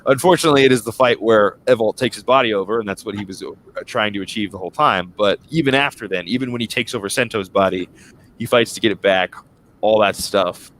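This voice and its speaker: A man's voice: on the low side, quick pace, a bit bright, slight background noise. A young man co-hosting a casual fan podcast, rambling enthusiastically and tripping over his words. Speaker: podcast co-host.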